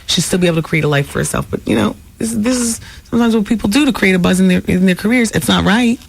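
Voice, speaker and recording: A woman hosting a talk radio show, chatting through celebrity gossip in a lively way with asides to listeners. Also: mid-range voice, fast talker, creaky, husky. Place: radio studio.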